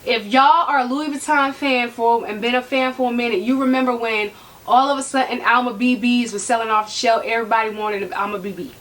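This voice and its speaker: Sassy high-voiced woman vlogger. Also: fairly even intonation, a little fast, fairly bright tone. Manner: sassy, joking, talks straight to viewers. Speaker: handbag collection vlogger. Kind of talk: casual talk to camera. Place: room at home.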